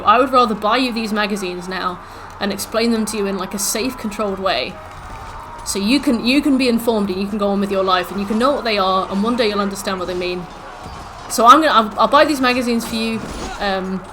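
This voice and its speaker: A woman doing a calm, earnest tough guy. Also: medium pitch, noisy background, lightly acted.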